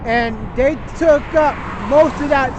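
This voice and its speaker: Older guy, really high voice, chatty walk-along tour, traffic and wind noise all around. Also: takes it slowly, lo-fi sound. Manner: chatty, pointing out sights to viewers. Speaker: vlog host. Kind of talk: walking tour narration. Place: outdoors on a windy bridge by traffic.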